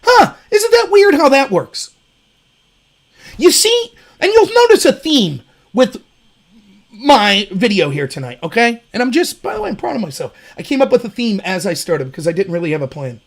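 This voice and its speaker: Man, political commentary host, high voice, very lively, sarcastic. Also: moderate pace. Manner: animated, sarcastic, mimics opponents mockingly.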